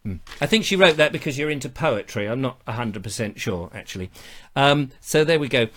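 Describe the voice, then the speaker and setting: A man's voice: medium pitch, lively intonation, a little fast, a bit bright. A British man hosting a live stream from his back room at home, chatting with viewers in a rambling, jokey, self-mocking way. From Britain. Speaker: livestream host. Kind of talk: casual live chat to viewers. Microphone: laptop or webcam mic.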